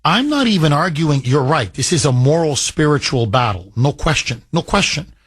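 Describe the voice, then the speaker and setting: A man's voice: fairly high pitch, sing-song, normal speed, husky, no echo. A male radio talk show host, arguing his point with passion and acting out imagined conversations on a call-in show. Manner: impassioned, argumentative, acts out imagined dialogues.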